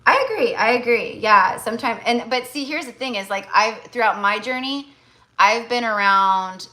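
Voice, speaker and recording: A woman's voice: on the high side, normal speed, pushed and bright, low-quality recording. A woman tarot reader in casual livestream chat, blunt and chatty, full of fillers.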